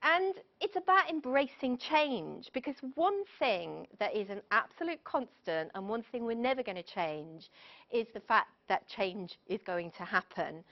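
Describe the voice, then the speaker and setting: Lively woman giving a motivational talk. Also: on the high side, unhurried, muffled recording. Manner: lively, chatty, asks the audience questions. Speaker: motivational speaker. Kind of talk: live motivational presentation.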